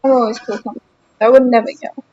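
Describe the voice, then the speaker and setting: A woman's voice: on the high side, steady tone, a little fast, mellow, dry recording, lo-fi sound. A young woman streaming a game, chatting casually with her viewers in a teasing, mock-indignant way.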